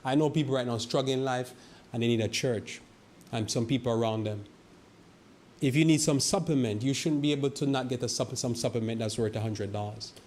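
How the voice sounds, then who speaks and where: A man's voice: medium pitch, darkish tone, slight background noise. Man preaching with rhetorical questions. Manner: preaches with rhetorical questions and slow scripture quoting; repeats and restarts words. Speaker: pastor. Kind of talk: sermon.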